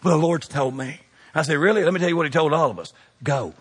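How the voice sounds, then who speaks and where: A preacher in his fifties delivers a folksy, emphatic sermon in a husky, high voice. He swings from hushed asides to ringing declarations. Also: fast talker. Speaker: pastor.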